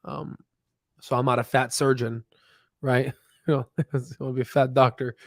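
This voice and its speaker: This stock-channel host talks at normal speed in a mid-range, flat delivery, with no room sound. His casual livestream chat from a home desk with screen share rambles along, full of fillers, restarts, and laughing at himself.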